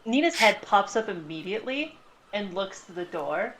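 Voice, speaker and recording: A woman playing a tabletop game, excited and giggly. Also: mid-range voice, normal speed, a little hiss or hum, poor audio. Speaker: player.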